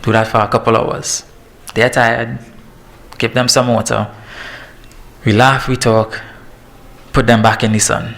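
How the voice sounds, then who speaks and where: A man in his thirties, a fitness trainer giving a lively, joking talk to parents. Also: mid-range voice, unhurried, gravelly. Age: 30s. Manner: lively and joking, laughs at himself. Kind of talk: presentation to parents.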